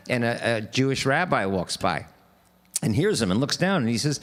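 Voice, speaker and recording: A singer-songwriter man chatting casually between songs on a live stream, halting and rambling with many fillers. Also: mid-range voice, big pitch swings, fairly bright tone.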